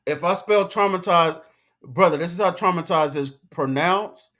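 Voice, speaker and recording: A man's voice: high-pitched, moderate pace, a bit bright. A man giving a casual commentary rant, emphatic and lecturing, full of slang and repeated points. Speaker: commentary vlogger.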